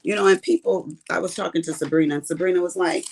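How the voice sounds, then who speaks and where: Middle-aged Texan woman, warm and chatty, a livestream host who rambles and says honey a lot. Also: on the low side, steady tone, fast talker, slight background noise. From Texas. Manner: chatty, rambling, calls viewers honey and baby. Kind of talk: casual chat with viewers while diamond painting.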